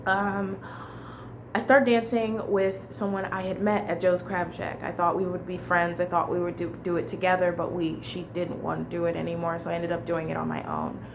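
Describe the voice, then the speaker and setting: A woman's voice: fairly low pitch, flat delivery, normal speed, gravelly, noisy background. A young adult woman telling a casual storytime monologue, candid and rambling, restarting her sentences and swearing freely. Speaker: vlogger.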